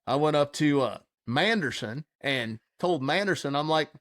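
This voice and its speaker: This podcast host rambles through a wild story, cursing freely and laughing along the way. His voice is a little high, expressive and fairly bright, at a normal speed, recorded in studio quality with no echo.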